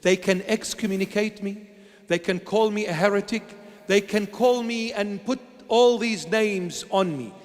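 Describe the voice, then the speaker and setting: A man preaching a sermon at a church altar, impassioned and repetitive, swinging between shouting and hushed tones. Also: high-pitched, a little slow. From Syria. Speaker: bishop. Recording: long church reverb.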